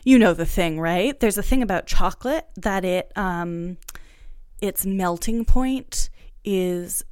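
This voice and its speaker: A woman co-hosts a relaxed podcast conversation. She is chatty and uses lots of "like" and "um", with easy laughs. Her voice sits at a middle pitch, and the recording is dry and close. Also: slow, clear, resonant tone, dry recording. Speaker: podcast co-host. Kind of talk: casual chat.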